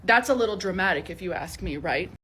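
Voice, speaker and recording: A woman's voice: lowish voice, lively intonation, fast, a bit bright, slight background noise. A woman commenting indignantly, firing off rhetorical questions. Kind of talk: reaction commentary.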